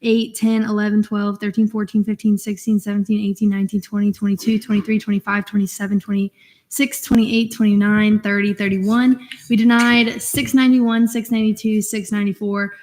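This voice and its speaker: A young woman reads through a long string of bill numbers without pause. Her delivery is steady and listing, at an ordinary pitch. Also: rough recording. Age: young adult. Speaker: committee chair reading allocations. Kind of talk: reading out a list of numbers.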